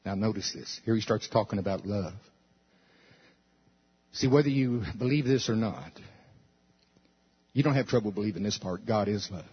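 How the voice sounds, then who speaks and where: Male pastor preaching at a church service, very husky voice, dull lo-fi sound. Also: on the low side, normal speed, long pauses. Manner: animated, swinging from loud to soft, with laughs. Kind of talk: sermon. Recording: dull lo-fi recording.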